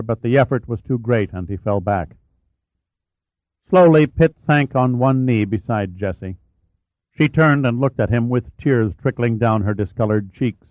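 A man reading an audiobook chapter aloud in steady, measured scripted narration, voicing the dialogue quietly. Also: medium pitch, dry recording, narrow, tinny audio.

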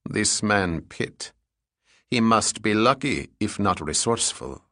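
A man voicing a cold, ruthless male crime boss in an audiobook, speaking slowly with icy menace. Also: on the low side, lively intonation, bright, forceful tone, no echo, clean studio sound, full character voice. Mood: icy, menacing. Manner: slow, deliberate, icy menace. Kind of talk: audiobook character voice.

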